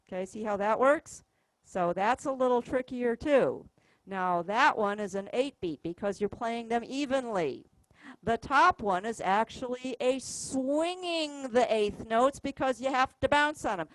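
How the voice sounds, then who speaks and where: A woman music teacher leads a class, talking patiently and counting out notes and beats aloud. Her voice sits a little high. The sound is dry and close, with almost no room echo. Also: animated, moderate pace. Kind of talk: classroom instruction.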